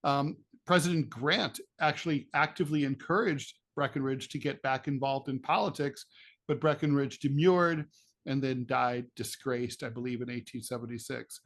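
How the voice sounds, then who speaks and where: A man's voice: mid-range voice, fairly even intonation, normal speed. A middle-aged man co-hosting a political podcast, telling rambling stories with jokey asides in casual chat. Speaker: podcast co-host, political cartoonist.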